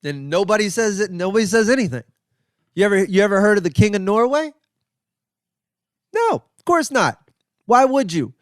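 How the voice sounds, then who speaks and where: A man hosting a comedy podcast, riffing sarcastically in a rambling, profane monologue full of restarts and sudden high exclaims. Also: a little mellow, clear, resonant tone, dry recording, clean studio sound. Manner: jumps into high exclaims for emphasis. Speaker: podcast host.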